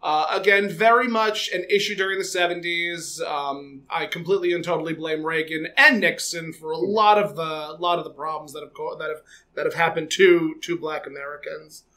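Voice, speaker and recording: A man's voice: fairly high pitch, fairly even intonation, normal speed, sharp tone. A man co-hosting a podcast, chatting casually with fillers and frequent laughter. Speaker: podcast co-host. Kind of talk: casual chat recapping a TV episode.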